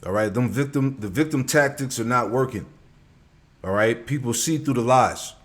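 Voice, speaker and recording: A man's voice: mid-range voice, normal speed. A man giving preachy commentary on scripture, peppering his talk with "all right" and "man".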